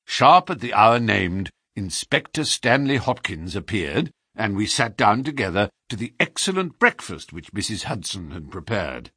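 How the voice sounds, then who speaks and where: A man narrating an audiobook in a measured storytelling manner. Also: lowish voice, sing-song, pushed and bright, slightly rough, no room sound, clean studio sound. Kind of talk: scripted narration.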